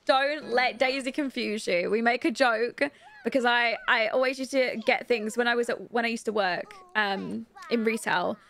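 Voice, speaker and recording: A woman's voice: on the high side, moderate pace, gravelly, fairly bright tone. A young British woman chatting casually while streaming a life-simulation game, reading and answering chat and giggling often. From Britain. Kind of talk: casual gameplay commentary.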